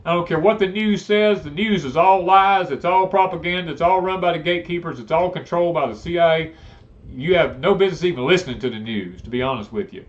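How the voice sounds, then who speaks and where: A man's voice: a little high, fast talker. A man with a Southern US accent hosting a homesteading live chat, talking bluntly and emphatically like a preacher. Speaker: homesteading channel host. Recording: dull lo-fi live-stream audio.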